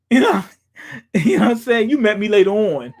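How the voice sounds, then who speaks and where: Here a young man speaks in a high, sing-song voice at normal speed, reacting to a manga chapter on a live stream. He's in a small room at home, chatting casually, cursing, and musing aloud with lots of filler words.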